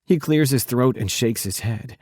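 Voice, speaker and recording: A man narrating an audiobook in a steady, measured way. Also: medium pitch, husky, no room sound, studio quality.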